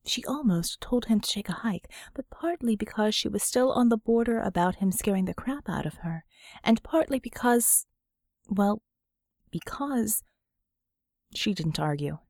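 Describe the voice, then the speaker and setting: A woman narrates a novel for an audiobook in a steady, measured storytelling voice. Her mid-range scripted narration has clean studio sound with no room sound.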